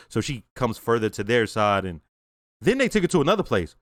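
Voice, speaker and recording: A man's voice: medium pitch, no room sound. Young guy ranting about a show episode, cussing, voice jumping all over, dry close sound. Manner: blunt and profane, animated, acts out characters in quick asides. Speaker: reaction channel host. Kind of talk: casual review after watching an episode.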